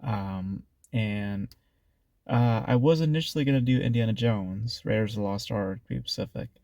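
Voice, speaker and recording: A congested man talks through a casual film review, drifting along with plenty of ums and restarts. His voice sits low and gravelly, dark and mellow in tone, and the sound is dry and close. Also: normal speed, no echo. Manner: rambling with many fillers and restarts.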